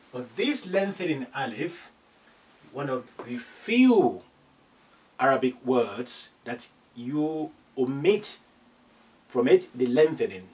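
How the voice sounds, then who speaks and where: A man teaching beginners Arabic, patiently repeating each phrase slowly for his learners. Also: mid-range voice, darkish tone, recorded from a distance. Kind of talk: classroom lesson.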